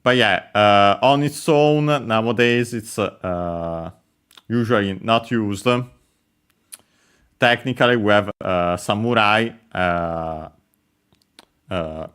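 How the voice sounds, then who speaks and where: A man giving a casual language lesson, explaining slowly with many hesitant pauses and fillers. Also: fairly low pitch, a bit bright, smooth. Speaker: language teacher.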